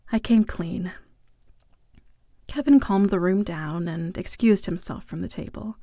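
A woman tells a first-person story with wry, playful humor and slips into soft whispers now and then. Her voice sits at an ordinary middle pitch. The recording is close and dry, with no room sound. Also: no echo.

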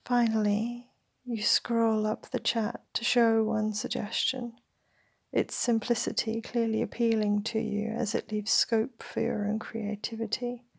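A woman reads a first-person story as a whispered role-play, her voice breathy and edged with gravel. She speaks slowly, in a fairly high and flat tone. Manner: slow, intimate first-person narration.

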